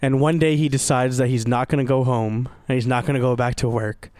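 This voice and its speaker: A young man co-hosting a casual podcast, an animated storyteller who slows down for emphasis and swears freely. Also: mid-range voice, dry recording. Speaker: podcast co-host. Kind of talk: casual chat.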